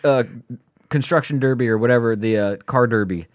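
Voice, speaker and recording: A man in a casual podcast chat, chiming in with jokes and quick quips. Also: medium pitch, no echo, clean studio sound. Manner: joking, chimes in with quips.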